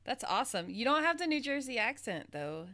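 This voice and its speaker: A woman's voice: on the high side, very animated, fairly quick, bright, forceful tone. A woman from the American South hosting a casual interview, bubbly and giggly. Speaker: podcast host, interviewer.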